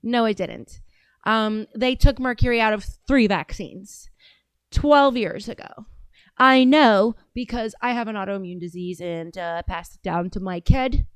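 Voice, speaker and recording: A woman's voice: medium pitch, unhurried, clear, resonant tone, no room sound. A woman in her thirties hosting a casual commentary show, ranting in a heated, sarcastic, profane way. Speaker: show host.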